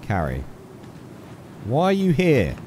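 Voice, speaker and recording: A man's voice: medium pitch, wildly swooping pitch, slow pace, a little mellow, a little hiss or hum. A young man giving playful live gameplay commentary, chatting to his viewers and scolding an in-game character. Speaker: game streamer.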